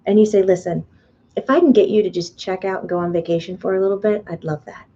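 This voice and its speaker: Woman host, live web class, chatty and animated, mellow tone, dull lo-fi sound. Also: medium pitch, fast, slight background noise. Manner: animated, chatty, playfully acts out the mind's voice. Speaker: spiritual teacher and medium. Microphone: webcam or computer mic on a video stream.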